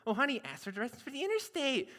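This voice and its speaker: A man voicing a chatty minivan wife from an animated film, with a Minnesota accent. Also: extremely high pitch, racing, voice pushed up, full character voice. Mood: eager.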